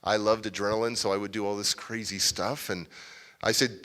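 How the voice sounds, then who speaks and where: Speaking to a live audience in a civic center event hall, a male motivational speaker tells a confessional personal story and acts out the voices he quotes. His voice sits fairly low, sharp in tone, delivered flatly and briskly.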